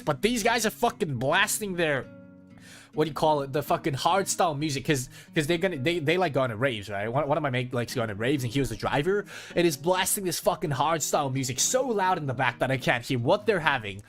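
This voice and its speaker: A lively man tells a rambling road-trip story to his viewers, his pitch leaping up and down as he acts out his friends. He talks a bit higher than most men and swears freely. Faint guitar music plays under his voice. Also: fast. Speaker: streamer. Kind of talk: casual storytelling chat with viewers.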